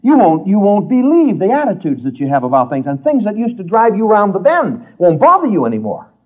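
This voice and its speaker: A man's voice: sits high, wildly swooping pitch, fairly quick, darkish tone, muffled recording. A man teaching a Bible class in an earnest, emphatic, folksy way.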